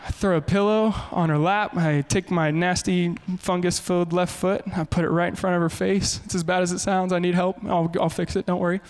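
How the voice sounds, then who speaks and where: Brief: pastor in his thirties, high voice, lively humorous preaching. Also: a little fast, hardly any pauses, clean tone. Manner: animated, humorous storytelling. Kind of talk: sermon.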